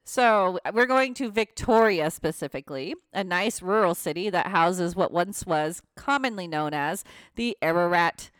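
Animated woman telling ghost stories. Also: lowish voice, a little slow, smooth, no room sound. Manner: animated, laughs often, reads facts with asides. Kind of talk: casual storytelling chat.

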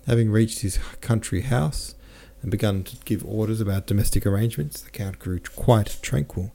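A man narrates a classic novel in a low, mellow voice. He reads at a steady, unhurried pace and calmly corrects the odd slip. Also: creaky. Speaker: audiobook narrator. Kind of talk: scripted narration.

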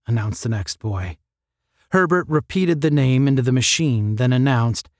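A man reading a 1950s space-adventure novel aloud as narrator, with measured storytelling. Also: mid-range voice, expressive, no room sound, studio quality.

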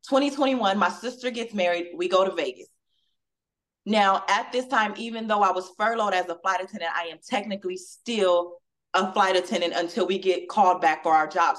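A woman guest on a podcast, telling a personal story in an animated way and acting out the dialogue. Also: medium pitch. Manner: acts out quoted dialogue with lively shifts; emotional, testimonial tone.

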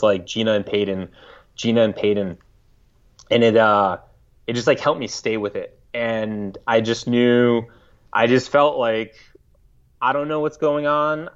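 A man in his thirties from the United States, a podcast guest recalling a story in a halting, reflective way, often restarting his sentences. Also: mid-range voice. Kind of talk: casual interview storytelling. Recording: slightly dull lo-fi audio.

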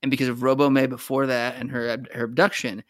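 A man's voice: mid-range voice, little pitch movement, dry recording. Male podcast co-host, dry close voice, stop-start analysis. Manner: halting, many "like"s and restarts, laughs easily. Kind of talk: casual TV recap chat.

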